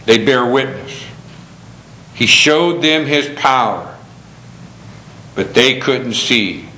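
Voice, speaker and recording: A man preaching a sermon, earnest, swinging from emphatic questions down to low, slow passages. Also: lively intonation, sharp tone, roomy sound, rough recording.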